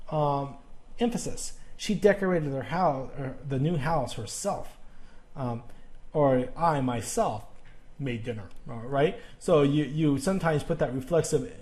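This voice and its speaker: A man records a grammar lesson for his students, walking through examples one at a time. His voice is mellow and relaxed, sitting at an ordinary middle pitch. He pauses often to ask "okay?" as he goes. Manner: patient, explains step by step, frequent "okay?" checks. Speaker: teacher.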